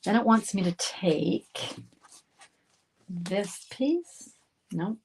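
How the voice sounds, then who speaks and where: A card-making instructor from Canada talks very slowly and animatedly in a casual tutorial, chatting with viewers as she works and poking fun at her slips. Her medium-pitched voice is creaky, slightly rough and darkish in tone.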